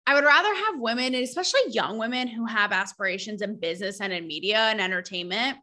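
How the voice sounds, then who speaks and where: Podcast host: young woman, bright, slightly high voice, blunt and sarcastic. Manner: blunt, sarcastic, animated, quick asides. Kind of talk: casual opinionated monologue.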